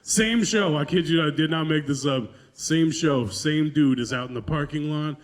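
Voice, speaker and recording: Profane, self-mocking stand-up headliner. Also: male voice, a little high, moderate pace. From Pacific Northwest, US. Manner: loose, profane, conversational, self-deprecating. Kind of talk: stand-up comedy set. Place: comedy club stage.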